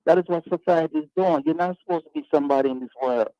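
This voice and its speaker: A man's voice: a little high, huge pitch swings, fast, vocal fry, warm tone, no echo. Emphatic male radio host. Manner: emphatic, preachy, building to indignant points. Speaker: radio talk show host. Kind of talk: opinionated radio panel talk. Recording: dull lo-fi radio sound.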